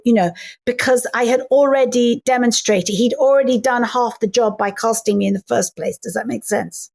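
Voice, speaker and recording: A middle-aged actress, a woman, chatting as an interview guest and telling animated stories full of acted-out lines. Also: fairly high pitch, normal speed, vocal fry. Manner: animated storyteller who acts out voices in quotes. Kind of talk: casual interview chat.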